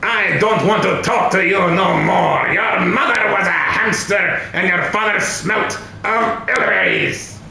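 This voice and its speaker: A man's voice: sits high, lively intonation, a little slow, vocal fry, few pauses, pushed and bright, pitched above the performer's own voice, exaggerated voice. A man putting on a haughty mock Frenchman. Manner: exaggerated outrageous accent. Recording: echoey room, faint noise.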